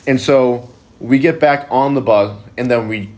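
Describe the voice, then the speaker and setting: A man's voice: mid-range voice, unhurried, darkish tone. A young man casually telling a personal anecdote for a social video, rambling and packing his sentences with "like". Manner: rambling, heavy use of "like" fillers.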